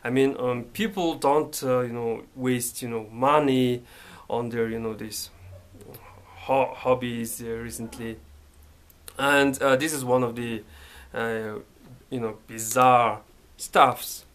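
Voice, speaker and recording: A man speaks in a slow, unhurried way, his pitch sitting in an ordinary middle range. He talks casually to camera from his bedroom, halting often and filling gaps with "uh" and "you know". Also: fairly even intonation, a bit bright. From Mongolia. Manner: hesitant, halting, full of fillers. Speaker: vlogger.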